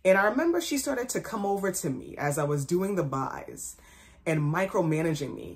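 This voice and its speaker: A woman's voice: on the low side, animated, moderate pace. A young woman, host of her own fashion blog, telling a personal story to camera with emphatic repetition and acted-out quotes. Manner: emphatic, repeats phrases for effect.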